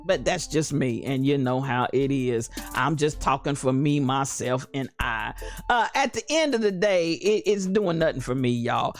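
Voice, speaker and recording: A woman's voice: extremely low pitch, lively intonation, normal speed, faint music behind. Playful woman chatting with her audience. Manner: playful, musing, reads chat names aloud. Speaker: host. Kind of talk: casual live-stream chat.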